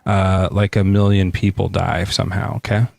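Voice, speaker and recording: A male podcast host with a lowish voice, recorded dry with no room sound. He improvises freely, jumps between topics, and laughs easily in casual debate. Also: little pitch movement, gravelly, dry recording. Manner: loose, improvising, quick to laugh.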